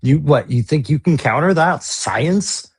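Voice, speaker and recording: Animated husky man arguing in jest. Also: on the high side, unhurried. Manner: animated, laughing, swings into theatrical outbursts. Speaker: co-host. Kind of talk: playful mock courtroom banter.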